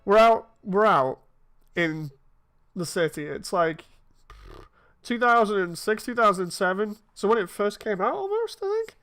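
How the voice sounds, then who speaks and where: A man in his thirties streams a game while chatting casually and telling rambling stories. His high, fairly bright voice is smooth and sing-song, and he keeps a measured pace.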